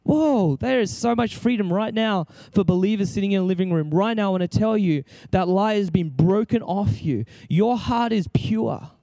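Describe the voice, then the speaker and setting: A man's voice: sits high, brisk, few pauses, warm tone, dry recording. A man preaching an impassioned sermon, exclaiming and acting out prayers as he speaks.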